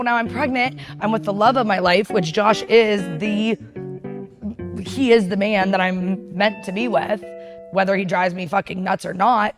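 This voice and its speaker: A woman in her thirties candidly telling a personal story, blunt and profane, often laughing and acting out what people said. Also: mid-range voice.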